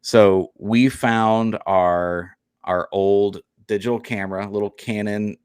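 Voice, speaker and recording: A man's voice: on the low side, fairly even intonation, slow pace, darkish tone, clear, resonant tone, dry recording, studio quality. A man co-hosting a parenting podcast, talking casually with many fillers and restarts. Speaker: podcast co-host. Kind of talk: casual chat.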